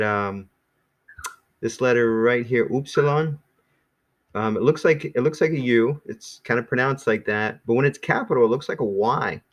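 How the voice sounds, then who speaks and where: A man teaching an online language class in a relaxed, rambling way with many fillers, speaking over a video call. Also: mid-range voice. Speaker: Greek teacher.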